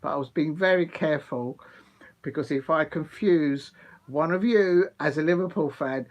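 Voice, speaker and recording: A man hosting a live football watch-along, chatting excitedly with viewers and laughing often. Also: a little high, moderate pace, dull audio. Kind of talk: live casual chat with viewers.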